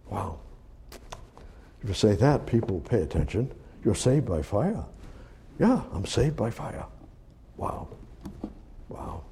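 A man preaching a sermon, reading scripture aloud and commenting on it, swinging from loud emphatic rises to hushed near-whispers. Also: lowish voice, expressive, slow pace, long pauses, husky. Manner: reads scripture aloud and comments between verses.

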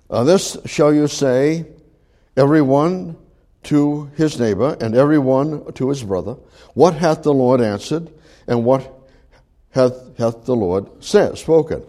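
A man's voice: medium pitch, mellow. A man preaching a sermon, repeating phrases and building to emphatic rises. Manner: repetitive, emphatic preaching with rising exclamations. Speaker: pastor.

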